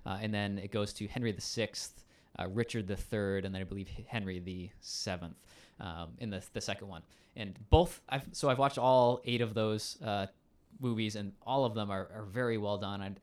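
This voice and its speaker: A male teacher in a casual conversation, explaining at length in a thoughtful way with frequent ums and restarts. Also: on the low side.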